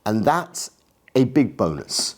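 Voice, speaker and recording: A man's voice: medium pitch, sing-song, takes it slowly. A man in a casual gear review vlog, talking enthusiastically and self-deprecatingly. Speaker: camera gear vlogger.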